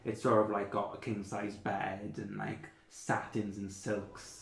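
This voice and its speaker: A man's voice: lowish voice, completely flat delivery, measured pace, gravelly, slight background noise. A young man narrating a tabletop game as dungeon master, describing scenes in a rambling, filler-heavy way. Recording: roomy echo.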